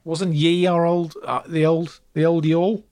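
A man's voice: a little high, flat delivery, measured pace, a little mellow, no room sound. A British man co-hosting a podcast in casual chat, with a dry, word-playing wit. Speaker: podcast host.

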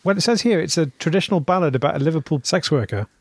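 A man's voice: a little high, lively intonation, very fast, husky, no room sound. A man, co-hosting a comedy podcast, wryly reading out what he has looked up. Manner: wry, looks things up and reads them aloud. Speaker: podcast co-host reading out research. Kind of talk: casual comedic chat.

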